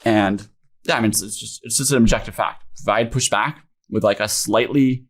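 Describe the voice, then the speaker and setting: A man's voice: lowish voice, brisk. A young man, a company founder, telling his story candidly in a podcast interview, filling his talk with "like" and "um". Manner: informal, many fillers like "like" and "um", emotional retelling. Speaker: founder guest.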